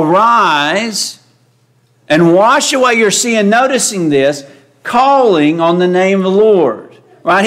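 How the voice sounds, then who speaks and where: High-voiced man preaching slowly. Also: fairly bright tone. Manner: explanatory, repeats and restarts phrases, asks "right?". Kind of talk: sermon.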